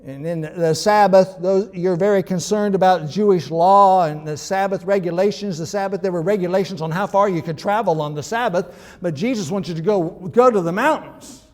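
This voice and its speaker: High-voiced male pastor in reverberant church. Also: normal speed. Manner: conversational, emphatic, with frequent restarts. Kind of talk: sermon.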